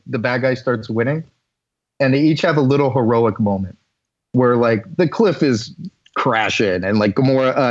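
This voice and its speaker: A man co-hosting a casual podcast chat, recapping a movie in an animated, swearing, filler-heavy way. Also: mid-range voice, no echo, dull audio. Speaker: podcast co-host.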